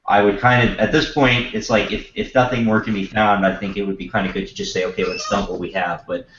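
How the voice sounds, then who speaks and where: A man's voice: on the low side, level tone, fast talker, fairly bright tone. Man on a voice chat, stuffy-nosed and sick, rambles with casual swearing; room echo. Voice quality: nasal, blocked nose. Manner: rambling, self-deprecating, swears freely. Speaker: panelist. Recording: roomy, dull lo-fi voice chat.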